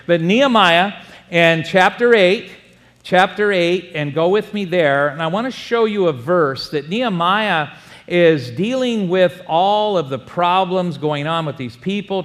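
High-voiced preaching man in a reverberant hall. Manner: animated preaching, acts out little dialogues and jokes. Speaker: pastor. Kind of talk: sermon. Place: church sanctuary.

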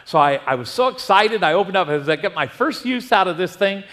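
Pastor preaching in a reverberant hall. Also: male voice, high voice, animated, brisk, a bit bright. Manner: conversational, telling personal stories with acted quotes. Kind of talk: sermon.

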